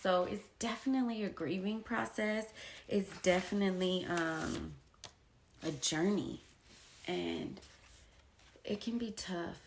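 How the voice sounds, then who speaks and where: A young adult woman talking casually and from the heart to her viewers, slow and reflective, with soft whispered asides. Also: medium pitch, slight background noise. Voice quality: gravelly vocal fry. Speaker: poet and painter sharing her story. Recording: echoey room.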